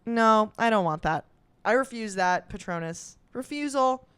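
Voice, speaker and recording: A young woman chats to her viewers in a smooth, clear voice with lots of rise and fall. She talks casually and reacts as she goes, often swearing and laughing. The sound is dry and close, with no room in it. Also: fairly high pitch, animated, a little slow, fairly bright tone, no echo. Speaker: comedian doing a quiz on camera. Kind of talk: casual solo chat.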